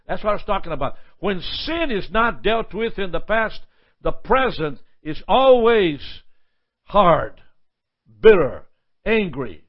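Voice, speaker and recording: A man's voice: sits high, sing-song, slow, dull audio. A male pastor preaching a sermon with impassioned repetitions and prayerful asides.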